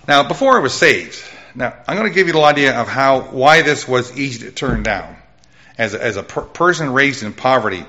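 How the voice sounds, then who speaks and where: A middle-aged man preaching his life testimony with a loud voice, telling his story with lively jumps in pitch. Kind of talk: testimony sermon.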